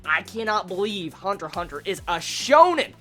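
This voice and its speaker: A woman reviewing an anime episode with gushing excitement, swearing often and bursting into shouts. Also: mid-range voice, normal speed, faint music behind.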